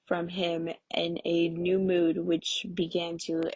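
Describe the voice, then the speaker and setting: A woman reading a stage play aloud, giving the stage directions in a plain, even way. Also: lowish voice, takes it slowly, no room sound, muffled recording. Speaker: audiobook reader.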